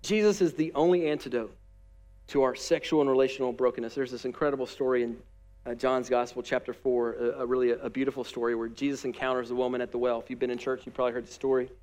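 A male pastor preaching a sermon to his church, lively and animated, often acting out the voices of the people he quotes. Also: mid-range voice, quick pace. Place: church room with live audience.

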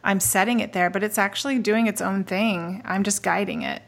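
A woman in her forties co-hosting a podcast, telling stories in a lively casual chat and swearing freely. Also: mid-range voice, normal speed, creaky. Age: 40s. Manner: animated storyteller, swears freely. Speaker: podcast co-host.

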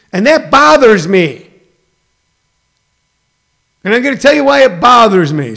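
A man's voice: sits high, creaky, a bit bright. A man hosting a show, ranting bluntly and mockingly for laughs. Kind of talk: comedic rant.

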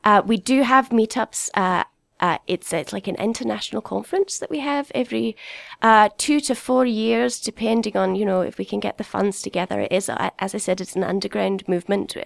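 A woman talks in a gravelly, earnest voice, stopping and restarting as she explains herself. She plays it straight as a guest in a comedy interview. The sound is dry and close, with no room around her. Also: mid-range voice, no room sound. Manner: earnest, halting, many filler sounds and restarts. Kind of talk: deadpan improv comedy interview.

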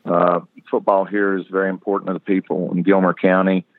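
Southern coach, low flat voice, dry tinny phone line, easygoing and upbeat. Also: male voice, a little fast, dry recording. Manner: easygoing, upbeat, many restarts. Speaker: football coach. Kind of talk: phone interview.

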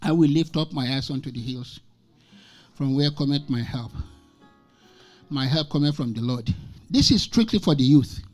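A Nigerian man in his sixties preaches a sermon as a guest speaker, in a mid-range voice at a moderate pace with long pauses and faint music behind him. He's emphatic, repeats scripture lines, and tells stories from his own life.

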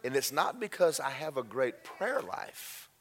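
A man preaching a sermon, telling an emotional testimony that drops to near-whispers and then rises loud. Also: mid-range voice, very animated, measured pace. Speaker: pastor.

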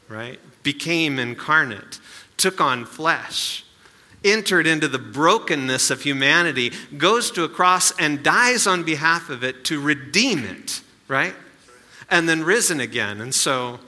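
Bright-voiced man preaching in a hall. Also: medium pitch. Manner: conversational, with asides and rhetorical questions. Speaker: pastor. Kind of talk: sermon.

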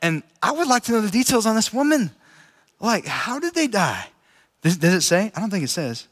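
A man with a high voice delivers a loose, conversational sermon, chatty and quick to laugh. His words ring out with a long reverb, as if in a big hall with an audience. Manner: relaxed, chatty, laughs easily. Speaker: preacher. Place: large room with an audience.

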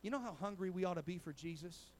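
A man, a pastor, preaching a sermon. He peppers his talk with amen and praise God, and swings from quiet asides to loud exhortation. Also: high voice, quick pace, a little hiss or hum.

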